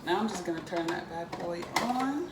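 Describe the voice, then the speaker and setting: A woman's voice: lowish voice, expressive, normal speed. A woman hosting a casual cooking demonstration in her kitchen, chatty and upbeat. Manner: chatty, upbeat, many ums and likes. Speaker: cooking show host. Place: home kitchen. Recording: echoey kitchen with background noise.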